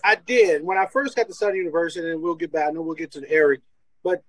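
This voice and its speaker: A fast-talking Louisiana man with a slightly high voice, once a college football player, swaps casual stories as an interview guest. He's animated and quick to laugh, acting out what others said, on a rough recording with no room sound.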